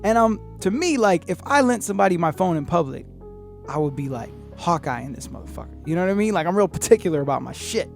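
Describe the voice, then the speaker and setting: A man hosting a podcast, telling a story in a rambling, profane, animated way and acting out what people said. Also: high voice, fast talker, creaky, faint music behind. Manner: profane, rambling, animated retelling with acted-out quotes. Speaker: podcast host. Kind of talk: casual storytelling.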